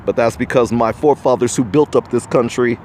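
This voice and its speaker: A man's voice: medium pitch, steady tone, fairly quick, darkish tone, a little hiss or hum. An American man hosting a podcast, giving a preachy, indignant opinion monologue to the viewer. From United States. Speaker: podcast host.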